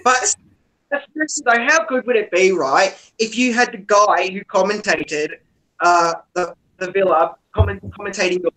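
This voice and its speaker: A woman co-hosting a casual livestream chat over a video call, telling animated stories. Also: mid-range voice, normal speed, low-quality recording. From Australia. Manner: animated storyteller who acts out quotes. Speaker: podcast co-host.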